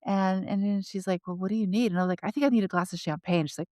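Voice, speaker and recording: A woman co-hosting a casual conversation, telling personal stories with lively restarts and laughter. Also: mid-range voice, fast, no room sound, studio quality. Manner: animated storyteller, frequent restarts and laughter. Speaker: podcast co-host.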